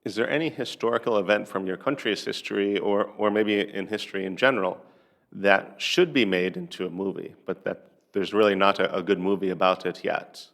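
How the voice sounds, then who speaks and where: A man teaching a lesson, asking a listener practice conversation questions one at a time with steady pauses. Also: low voice, gravelly. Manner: measured, pausing between questions. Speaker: English teacher.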